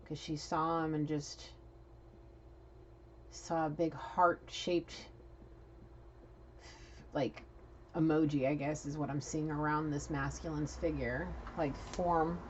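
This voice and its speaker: A woman's voice: sits low, steady tone, slow, long pauses, a little mellow, lo-fi sound, slight background noise. A woman giving a casual channeled tarot reading, chatty and blunt, swearing freely. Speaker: tarot card reader.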